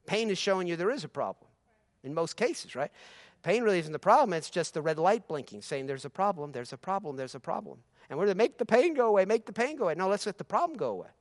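High-voiced preaching man. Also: very animated, fast talker, no room sound, clean studio sound. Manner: swings from conversational to loud preaching. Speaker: pastor. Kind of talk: sermon.

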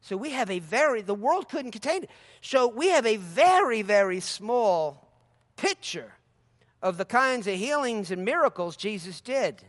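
A male preacher with a very high, bright, sharp voice. He delivers a lively sermon, laughs freely and breaks into hallelujahs. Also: moderate pace. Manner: animated, laughing often, exclaims hallelujah.

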